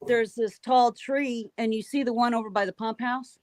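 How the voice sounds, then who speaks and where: A woman's voice: fairly high pitch, moderate pace, dry recording. Emphatic woman telling a scary story. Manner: animated, emphatic, repeats key phrases. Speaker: guest recounting encounters. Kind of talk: emotional storytelling.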